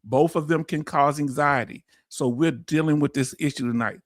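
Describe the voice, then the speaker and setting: A man from Houston with a Houston, Texas accent, hosting a casual live-stream explainer in an energetic, folksy way and calling his audience family. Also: fairly high pitch, moderate pace, dry recording, studio quality. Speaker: host.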